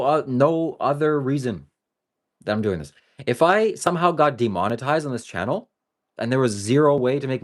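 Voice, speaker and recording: Man, live-streamer, casual monologue, rambling, joking then earnest, animated lively pitch, talks to viewers. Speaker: livestreamer.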